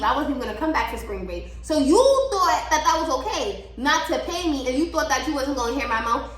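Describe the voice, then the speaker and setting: A woman's voice: high-pitched, fairly bright tone, roomy sound, rough recording. A woman hosting a podcast, telling a story in a casual monologue, blunt and profane as she vents her exasperation. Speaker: podcast host.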